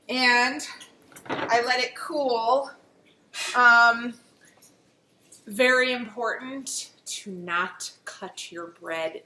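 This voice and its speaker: A woman's bright, forceful mid-range voice comes through poor audio with a roomy sound and a bit of background noise. She's a home baker showing off a bread recipe in her kitchen, talking casually and giggling through each step.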